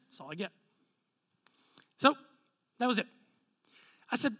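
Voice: lively intonation, a little fast, pauses often, husky. Storytelling pastor with a lilt. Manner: conversational, acts out dialogue, drops low and soft for weighty points. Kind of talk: storytelling sermon.

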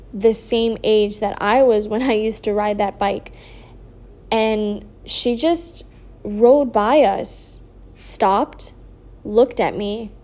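A young woman casually telling a personal story on her vlog, sleepy and yawning, her speech slow and drawn out and full of "like" and soft trailing asides. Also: mid-range voice. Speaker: vlogger sharing a personal story.

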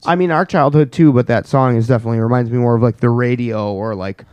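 A man co-hosting a casual podcast, goofy and given to loud mock shouting. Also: mid-range voice, quick pace, no room sound, highs cut off. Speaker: podcast co-host. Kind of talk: casual chat.

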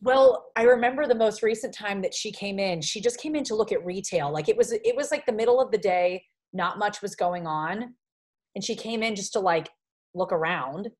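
A woman co-hosting a podcast in casual, chatty conversation. Her pitch sits in a middle range, and her talk is loose and full of little fillers. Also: moderate pace, a little mellow. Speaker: podcast co-host. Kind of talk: casual chat.

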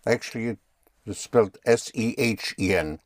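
A man's voice: lowish voice, moderate pace, a little mellow, no echo, studio quality. A man teaching German in a patient one-on-one lesson, often spelling words out letter by letter.

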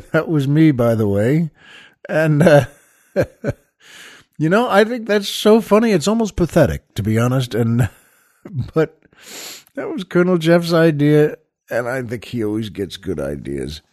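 A man's voice: fairly high pitch, big pitch swings, slow pace, long pauses, darkish tone. A man hosting a podcast, telling jokes in a rambling, chuckling way with many restarts and fillers. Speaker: podcast host. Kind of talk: casual joke telling.

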